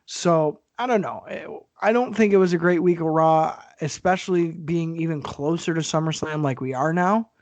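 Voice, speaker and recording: High-voiced profane man. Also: moderate pace, few pauses, no room sound. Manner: profane, animated, laughs a lot. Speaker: podcast co-host. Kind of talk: casual chat.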